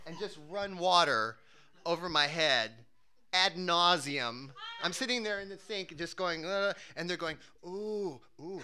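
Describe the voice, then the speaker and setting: A man's voice: high voice, sharp tone. A man telling a funny personal story, acting out the scenes with cries and screams.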